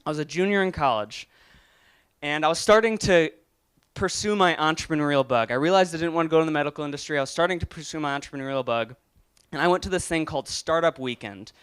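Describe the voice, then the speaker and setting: A man's voice: fairly high pitch, quick pace, fairly bright tone, clean tone. A young adult man giving an earnest motivational talk, often restarting his words and growing emotional. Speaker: motivational speaker.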